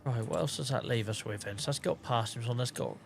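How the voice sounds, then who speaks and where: Faint music plays under this man's creaky, medium-pitched voice, and he talks fast. Worn out and nursing a headache, the game streamer casually addresses his live-stream viewers while playing, musing aloud and swearing at times.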